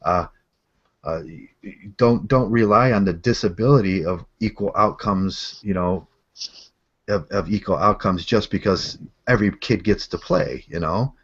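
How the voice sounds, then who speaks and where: A man's voice: deep voice, moderate pace, fairly bright tone, slightly rough. A man hosting a casual online chat, rambling along with many fillers and restarts. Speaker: show host. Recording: slightly muffled call audio.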